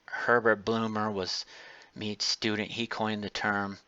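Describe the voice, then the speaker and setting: A man's voice: fairly low pitch, flat delivery, slow pace, sharp tone, clean tone, no room sound, muffled recording. A male college lecturer giving a casual, digressive class lecture full of personal stories.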